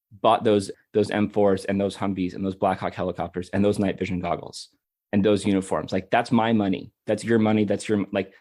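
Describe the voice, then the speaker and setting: A man's voice: lowish voice, a little mellow. A man co-hosting a podcast, emphatic and frustrated, emotional and stumbling over repeated words as he argues politics. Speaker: podcast co-host. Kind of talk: heated political discussion.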